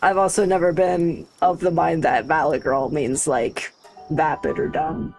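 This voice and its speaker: Lady streamer rambling about her game, low-ish voice, laughs a lot, talks to herself. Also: fairly even intonation, measured pace, darkish tone, soft background music, low-quality recording. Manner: chatty, laughs easily, thinks aloud. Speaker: livestreamer. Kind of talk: casual gaming commentary. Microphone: desk microphone.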